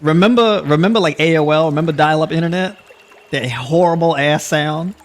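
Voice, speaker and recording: A man's voice: on the high side, fairly quick. A man hosting a casual livestream, talking to his viewers, laughing often and using plenty of filler words. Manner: addresses audience with y'all. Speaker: livestream host. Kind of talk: casual livestream talk to the chat.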